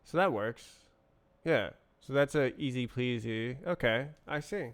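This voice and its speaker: A man talks to himself while programming on a live stream, trailing off into half-finished thoughts. His voice is smooth and clear, and he speaks at an unhurried, slow pace with plenty of pauses. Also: medium pitch. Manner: halting, muttering to himself. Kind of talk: thinking aloud while coding.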